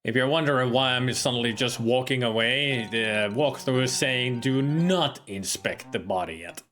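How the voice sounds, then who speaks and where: A man's voice: mid-range voice, a bit bright. A man streaming a video game, chatting and joking with rambling asides as he plays. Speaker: gameplay streamer. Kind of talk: casual gameplay commentary.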